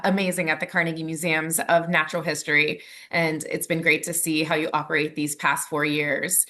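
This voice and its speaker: Pittsburgh woman hosting a panel, lowish voice, friendly questions. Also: fairly bright tone. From McKeesport, Pennsylvania. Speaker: panel moderator. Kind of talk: moderating a panel discussion.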